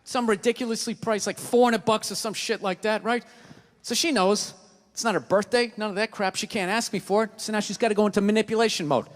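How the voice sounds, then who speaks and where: A man's voice: sits high, fairly even intonation, fairly quick. A male stand-up comedian ranting through a profane, brash story to a live audience. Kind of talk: stand-up routine. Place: comedy stage before an audience. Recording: live theater hall with crowd.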